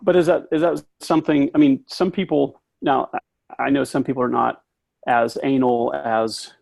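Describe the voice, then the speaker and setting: A man coaching a craft seller on pricing, explaining step by step in a casual, halting way with many restarts. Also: mid-range voice, steady tone, gravelly, darkish tone, dry recording. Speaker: business coach interviewing a maker.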